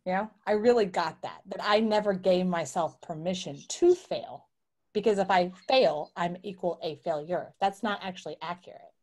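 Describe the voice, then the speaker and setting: A woman's voice: fairly low pitch, normal speed. A middle-aged woman, a guest entrepreneur, telling her story in a casual interview, acting out the voices she quotes. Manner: animated, acts out quoted voices.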